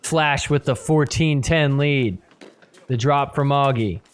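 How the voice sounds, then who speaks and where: A man hosting a podcast, recapping a match in play-by-play commentary and getting loud and excited at the big points. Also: medium pitch, slow. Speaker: podcast host.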